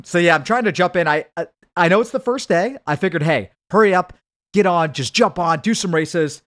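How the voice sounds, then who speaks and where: A man hurriedly commenting on a live racing game stream and chatting with his viewers. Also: high voice. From United States. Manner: hurried, excitable, chats with viewers.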